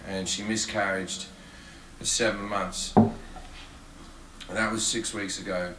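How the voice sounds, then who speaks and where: A shaken young husband apologizes in a low, subdued, halting voice, as a male comedian puts him on. The sound is roomy and echoey, as in a live show recording. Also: flat delivery, noisy background, natural voice. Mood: somber apologetic.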